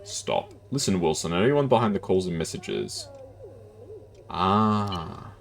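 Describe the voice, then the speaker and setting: A man's voice: deep voice, animated, measured pace. A man casually commenting as he streams a detective game, playful and self-deprecating, breaking into giggles.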